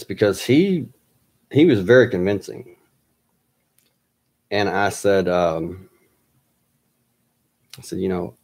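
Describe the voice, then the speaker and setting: A man telling a personal story in a halting way, pausing often with fillers and restarts. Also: low-pitched, darkish tone.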